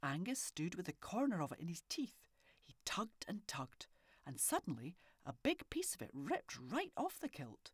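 A woman reading a children's story aloud with expressive, animated delivery and soft whispery asides. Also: on the low side, moderate pace, husky, no room sound, studio quality. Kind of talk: storybook narration.

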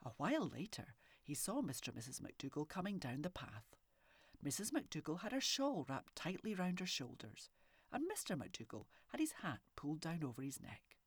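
A woman reading a children's story aloud with expressive, animated delivery and soft whispery asides. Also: low voice, normal speed, breathy edge, dry recording. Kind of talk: storybook narration.

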